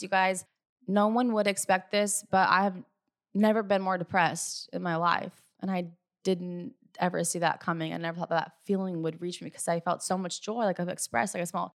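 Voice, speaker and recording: Earnest woman sharing a faith story. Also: mid-range voice. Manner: earnest and confiding, often says "you guys" and "like". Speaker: business team leader. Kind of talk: personal faith testimony to viewers.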